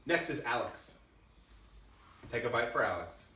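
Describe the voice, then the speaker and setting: A man's voice: mid-range voice, animated, a little slow, sharp tone. A man reading backer questions aloud in a casual, dry, matter-of-fact way. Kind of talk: casual chat. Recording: echoey room from far off, faint noise.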